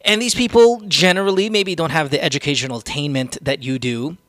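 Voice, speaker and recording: A man's voice: fairly high pitch, brisk, fairly bright tone, dry recording, clean studio sound. A man hosting a podcast, ranting casually with strong opinions and plenty of swearing. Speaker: podcast host.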